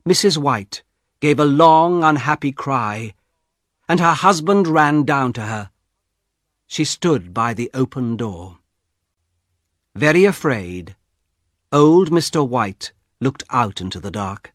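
A man reads a simple audiobook story at a very unhurried pace, his pitch rising and falling with a lively, dramatic swing. The recording is close and completely dry. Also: no room sound. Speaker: audiobook narrator. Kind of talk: graded-reader audiobook narration.

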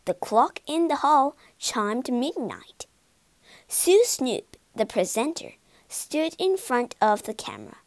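A woman narrating a children's storybook for learners, expressive and clear. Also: on the high side, no echo.

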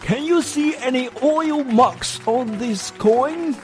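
A humble old oil peddler , as the narrator puts him on, speaking slowly and without boasting. The voice sits a little high and unhurried. Soft music plays underneath. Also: a faint crowd. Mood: proud.

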